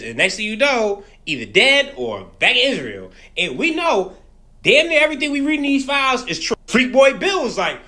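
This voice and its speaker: A man rants about politics in blunt, mocking street slang. His voice is high and bright, and it swings widely in pitch as he goes. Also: sing-song, normal speed. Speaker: political commentator. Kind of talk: profane political rant.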